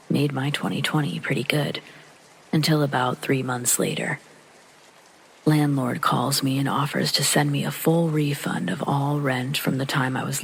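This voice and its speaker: A man narrating a first-person horror story in a calm, low-key reading that often sinks to a soft whisper, with rain behind him. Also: vocal fry, a little hiss or hum, poor audio. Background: rain sounds.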